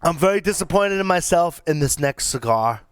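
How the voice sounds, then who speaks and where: Casting note: male cigar-show co-host, smooth voice, dry close mic, rambling and excitable. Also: fairly high pitch, normal speed, no echo. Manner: animated, rambling, lots of restarts. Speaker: podcast co-host reviewing cigars. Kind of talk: casual chat.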